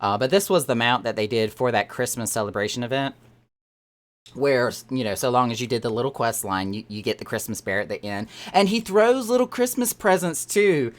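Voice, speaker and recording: Here a gaming streamer banters with the live chat, laughing a lot and sounding lively and excitable. The mid-range voice often trails off, repeating words while hunting for the right one.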